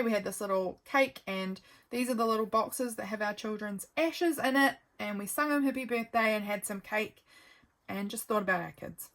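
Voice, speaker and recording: A woman, chatting in a rambling, gentle and affectionate way with many ums while she flips through her journal. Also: medium pitch. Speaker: journaling vlogger.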